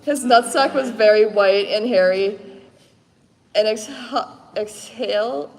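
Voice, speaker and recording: A woman reads a fan story aloud on a convention panel, halting and tripping over the words. She speaks slowly, her voice a little high. The sound carries the long ring of an echoey convention hall. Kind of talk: live comedic dramatic reading. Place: convention panel room before a live audience.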